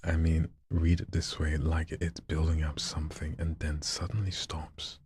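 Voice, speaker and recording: A man doing voice practice on a livestream, reading viewer scripts in a slow hushed delivery that slips into whispers, and chatting with viewers between reads. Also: very deep voice, completely flat delivery, slightly rough, no echo. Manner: chats to viewers in between reads, quicker and louder. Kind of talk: live practice reading of viewer scripts, mixed with casual chat.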